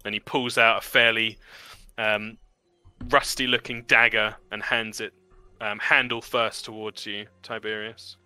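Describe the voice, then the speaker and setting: A man's voice: lowish voice, little pitch movement, unhurried, pushed and bright, smooth. A man narrating a tabletop game as game master, describing the scene vividly with fillers.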